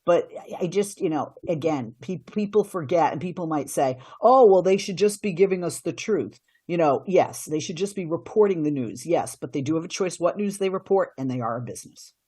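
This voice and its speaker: A woman's voice: deep voice, animated, a little fast, hardly any pauses, mellow, husky. A middle-aged woman, a radio host and commentator, giving earnest answers in a podcast interview, often restarting her sentences.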